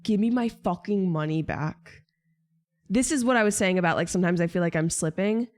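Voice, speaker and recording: A woman's voice: lowish voice, a little fast. A young woman streamer venting to her viewers in casual chat, exasperated, swearing and rambling.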